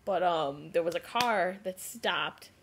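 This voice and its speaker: A woman's voice: lowish voice, slow, slightly rough. Rambling young woman telling a story. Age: young adult. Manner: rambling, animated retelling full of "like" and restarts. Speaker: vlogger. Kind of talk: casual storytelling vlog.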